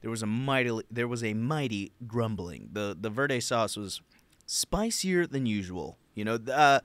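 Lively, giggly young man, podcast host. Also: medium pitch, moderate pace, no echo. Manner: rambling, giggly storytelling. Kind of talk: casual chat.

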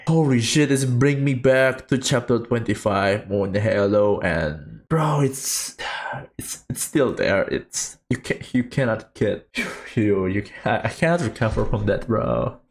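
A man, a VTuber from Indonesia, gives an excited, hoarse reaction commentary. He yelps and hums along with the trailer music. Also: measured pace. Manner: bursts into high-pitched screams and hums along with the music. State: hoarse from screaming.

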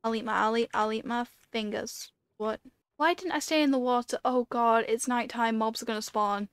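Woman gaming and chatting to herself, smooth higher voice, panics a lot. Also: fairly even intonation, moderate pace, no room sound, studio quality. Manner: talks to herself, bursts into panicked repeated pleas; chatty, rambling storytelling with fillers. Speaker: gaming video creator. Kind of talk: casual gameplay commentary.

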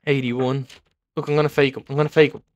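A young man commenting live on his own gameplay, excitable and repeating words in bursts as he taunts other players. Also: mid-range voice, fast talker, no room sound. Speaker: gaming video creator.

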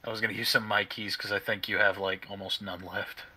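A man's voice: fairly low pitch, flat delivery, fast talker, pushed and bright, slight background noise. A man playing a co-op video game with friends, joking around with crude banter and laughing often. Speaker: gamer playing co-op. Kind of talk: casual co-op gaming chat.

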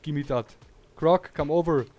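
A man's voice: on the high side, normal speed, a little mellow. A man, chatting casually while streaming a game and greeting viewers, often laughing. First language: German. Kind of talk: casual gameplay commentary.

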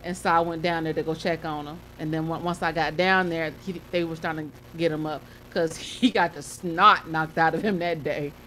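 A mother co-hosting a casual talk show, telling stories in a relaxed way and laughing often. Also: deep voice, normal speed, few pauses, a little hiss or hum. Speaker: podcast co-host; mother of a football player. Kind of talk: casual chat.

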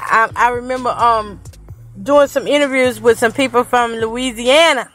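Older woman, North Carolina country accent, folksy vlog chat, somewhat high voice, soft music behind. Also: normal speed. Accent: Southern US, North Carolina. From North Carolina, USA. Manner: chatty, folksy, country talk with y'all. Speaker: vlogger, grandmother. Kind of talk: casual unscripted vlog chat. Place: in her car during a rainy storm.

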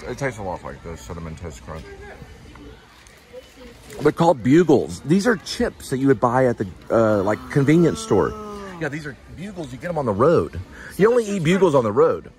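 A man's voice: medium pitch, very animated, normal speed, a little mellow. A man hosting a vlog, chatting casually and rambling with joking asides while he samples food in a large store. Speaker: vlog host.

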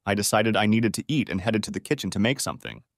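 A man reading a first-person story as an audiobook narrator, in a calm, steady telling with lively intonation. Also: on the low side, fast talker, dry recording, clean studio sound.

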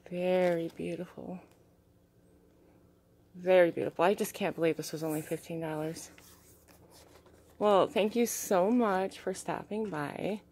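A young woman with a somewhat low, breathy voice talks through a casual show-and-tell vlog. She gushes softly over each piece and often sinks into a near-hush. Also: fairly even intonation, measured pace. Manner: gushing, soft-spoken, drops to hushed tones. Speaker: vlogger showing crystals and art.

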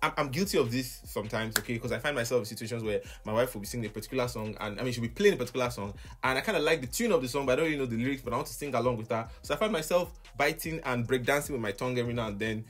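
A man's voice: mid-range voice, racing, few pauses, a bit bright. A young adult man and music minister hosting his own vlog, animatedly lamenting with exasperated laughter. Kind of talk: casual vlog reaction.

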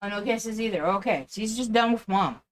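A woman's voice: mid-range voice, moderate pace. A woman streaming live, chatting casually with viewers and cooing baby talk at her dog. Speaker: game streamer.

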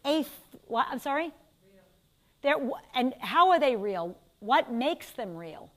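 An older woman with a New York accent lectures a class. Her voice sits high, and she talks in quick, chatty asides. She keeps turning to her students with questions. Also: big pitch swings. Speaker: instructor.

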